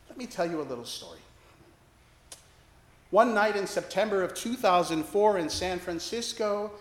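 A man's voice: high-pitched, roomy sound. A man preaching a sermon as a priest, telling a story with wry, self-deprecating humor.

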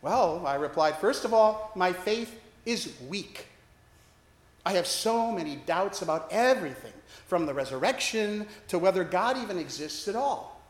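A man's voice: high-pitched, expressive, unhurried, reverberant. A man preaching a sermon as a priest, telling a story with wry, self-deprecating humor.

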